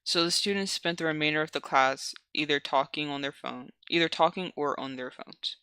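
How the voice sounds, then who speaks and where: A young adult streamer reads their old fanfiction and keeps stopping to explain it in loose, rambling asides packed with "like". The voice is bright and sits dry and close to the mic. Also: mid-range voice, moderate pace, clear, resonant tone, no room sound. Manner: rambling, heavy use of "like" fillers. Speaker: streamer reading own fanfiction. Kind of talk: casual reading with asides.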